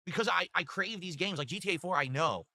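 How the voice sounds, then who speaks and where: Fast, bright-voiced rambling male streamer. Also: sits high, no echo. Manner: rambling, profane, animated thank-yous. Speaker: livestreamer. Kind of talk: casual stream chat reading donations. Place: his home streaming room. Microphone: desktop USB mic.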